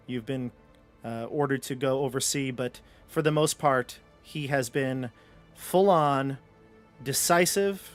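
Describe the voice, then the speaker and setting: A man serves as game master for a tabletop game, narrating loosely and conversationally. His medium-pitched delivery is full of fillers and restarts.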